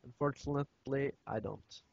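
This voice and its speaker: Gravelly, laid-back guy cursing. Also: medium pitch, normal speed, a little mellow, dry recording. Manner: profane, laid-back, ends lines with "man". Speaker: podcast co-host. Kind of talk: casual banter. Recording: dry, muffled lo-fi podcast audio.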